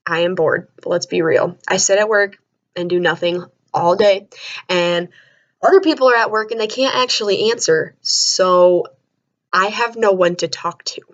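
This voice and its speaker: A young adult woman telling stories to camera in a casual, animated way, jumping up to high shrieks of disbelief. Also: normal speed. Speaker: vlogger. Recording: dull lo-fi sound.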